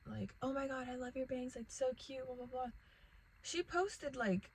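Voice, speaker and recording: A woman's voice: high-pitched, normal speed, slight background noise, low-quality recording. A young woman telling a rambling casual storytime vlog to the camera, packed with "like" and fillers. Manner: rambling, filler-heavy, lots of "like".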